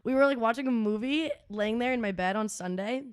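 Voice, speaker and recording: A woman's voice: a little high, fairly quick, smooth, no echo, clean studio sound. A woman in her twenties co-hosting a casual podcast, talking loosely with lots of "dude" and "like" and some swearing. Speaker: podcast co-host. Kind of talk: casual chat.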